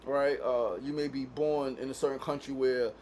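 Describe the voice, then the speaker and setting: This man's mid-range voice stays fairly even in intonation, moving at a moderate pace with a darkish tone and a slight hiss or hum. A podcast host from Queens, New York, he runs a casual daily studio show, talking loosely, swearing freely, and constantly ending lines with "right?"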